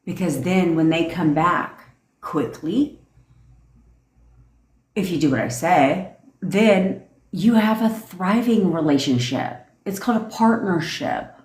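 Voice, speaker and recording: A young woman rants bluntly on a phone livestream, swearing freely and pressing each point hard. Her voice sits low. The sound bounces around an echoey room. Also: expressive, takes it slowly, a little mellow. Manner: blunt, profane, emphatic. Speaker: manifestation coach. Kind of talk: livestream rant.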